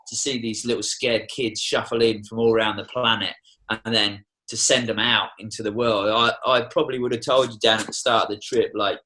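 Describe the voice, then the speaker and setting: A man's voice: on the low side, pushed and bright, poor audio. Fired-up, swearing Australian man. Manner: passionate, heavy swearing, preachy. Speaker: podcast guest, tour guide. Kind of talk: casual podcast conversation. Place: podcast studio room.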